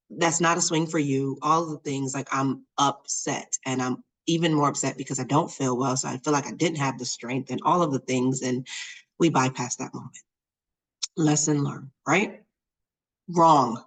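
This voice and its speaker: A middle-aged woman hosting a podcast, telling a personal story in an animated, expressive way with many fillers. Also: a bass voice, husky, rough recording. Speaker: podcast host.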